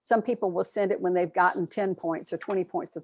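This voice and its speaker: A woman's voice: lowish voice, steady tone, fairly quick, a little mellow. A woman giving a short, earnest program presentation at an online club meeting, speaking in a friendly, plain way over a video call.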